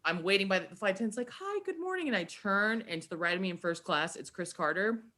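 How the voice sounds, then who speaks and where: A woman guest on a podcast, telling stories in a lively, chatty way, laughing often and acting out quotes. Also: on the low side, fast. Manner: animated, laughs often, acts out quoted voices. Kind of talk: casual storytelling chat.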